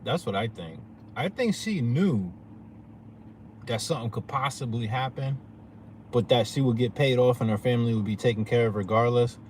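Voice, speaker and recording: A man's voice: medium pitch, lively intonation, moderate pace, a little mellow, slight background noise. A man talking to his viewers in a loose, slangy, profane rant, often asking "you know what I'm saying". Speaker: vlogger.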